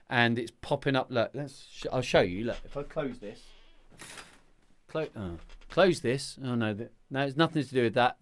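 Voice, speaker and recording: A man's voice: fairly high pitch, fairly bright tone, clean tone. A man leading a singing group, chatting casually to viewers on a livestream from home, greeting people by name and poking fun at himself. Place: room at home with a green screen.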